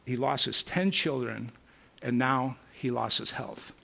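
A man's voice: mid-range voice, measured pace, creaky, bright, forceful tone. A man teaching a Bible lesson, earnest and musing, reading scripture aloud and reflecting on it. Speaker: preacher.

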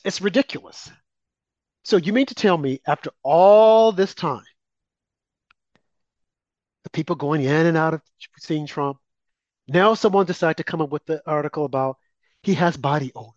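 A man's voice: fairly high pitch, no room sound. A male co-host delivering political talk commentary, indignant and full of rhetorical questions with mocking asides. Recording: dull lo-fi dry sound.

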